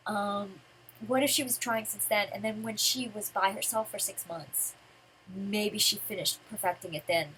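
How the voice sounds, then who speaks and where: A woman's voice: mid-range voice, fairly bright tone, a little hiss or hum, rough recording. A woman reviewing a comic chapter in casual fan commentary, emotional and rambling, restarting her sentences often. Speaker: manga reviewer.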